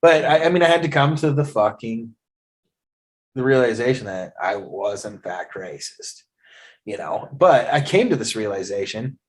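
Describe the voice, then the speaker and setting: A man's voice: medium pitch, expressive, normal speed. A man in his thirties from Eastern Oregon, hosting a casual interview and telling stories bluntly with lots of swearing. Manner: blunt, heavy swearing, storytelling. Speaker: podcast host.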